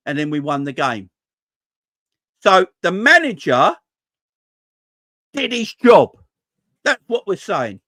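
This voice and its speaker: Slow and full of long pauses, this man's high, sharp voice swings widely in pitch on a dry recording. As host of a football fan channel he rants casually, and frustration brings exasperation, swearing, stumbling over words and repetition.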